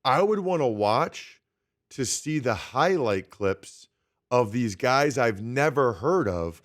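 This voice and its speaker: A man's voice: mid-range voice, lively intonation, slow pace. A man in his forties guest-hosting a sports talk radio show, telling stories with animation and asking each panelist in turn. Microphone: studio microphone.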